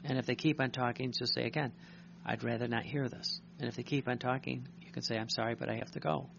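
Guy giving a sermon, gravelly voice, lots of uh and restarts, muffled recording with a faint hum. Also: mid-range voice, fairly even intonation. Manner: halting, many fillers and restarts, clears throat often. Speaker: preacher. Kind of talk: sermon with read-aloud passages.

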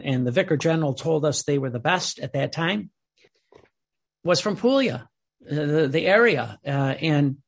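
A man's voice: on the high side, gravelly, breathy edge. A man giving a devotional teaching talk, earnest and emphatic, often repeating phrases. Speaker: religious teacher.

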